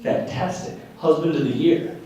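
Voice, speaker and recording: A man's voice: a little high, moderate pace, warm tone, recorded from a distance. Young man doing stand-up in an echoey room. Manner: wry self-mocking storytelling, acts out dialogue. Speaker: stand-up comedian. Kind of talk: live stand-up comedy. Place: live venue before an audience.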